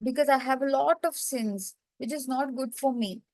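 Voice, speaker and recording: A woman's voice: high-pitched, normal speed, a little mellow, no room sound. Ratnakar, a blunt robber, told by a woman. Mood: pleading. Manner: plain storytelling tone, simple phrasing. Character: male robber, family man, blunt.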